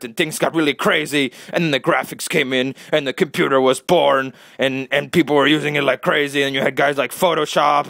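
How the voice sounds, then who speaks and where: A man's voice: a little high, creaky, sharp tone, dry recording. A young man delivering a rambling, mock-serious comic rant about art history, full of fillers. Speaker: satirical ranter.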